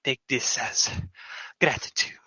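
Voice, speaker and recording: A man voicing a small, soft-spoken male kobold who speaks slowly in halting, broken phrases. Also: dry recording. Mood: solemn. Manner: slow, halting broken speech. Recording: dull lo-fi audio.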